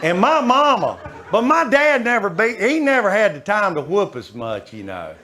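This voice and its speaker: High-voiced comedian on stage. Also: male voice, normal speed. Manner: animated, shouting asides to the audience. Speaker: stand-up comedian. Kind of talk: stand-up comedy storytelling. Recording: live show with faint crowd noise.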